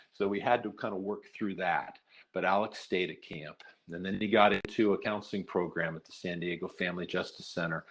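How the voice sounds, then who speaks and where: A man's voice: low voice, fairly bright tone. A middle-aged man giving an earnest storytelling talk, speaking steadily with frequent "uh" fillers. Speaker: nonprofit leader giving a talk.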